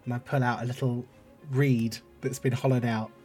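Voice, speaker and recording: A man's voice: mid-range voice, flat delivery, normal speed, a little mellow, faint music behind. Rambling hesitant man player. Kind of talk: casual tabletop game play.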